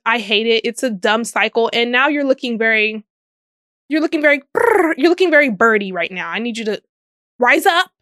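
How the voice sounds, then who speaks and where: A young woman hosts a casual podcast commenting on social media, sounding sassy and emphatic, laughing often and stretching words out for emphasis. Her voice is a little high and a bit bright, clear and resonant, recorded in clean studio sound with no room noise.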